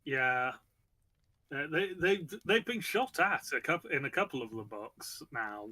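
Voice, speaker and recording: Bright-voiced man rambling about a book. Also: medium pitch, lively intonation, measured pace. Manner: rambling, many fillers and restarts. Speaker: podcast host discussing a book. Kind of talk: casual chat.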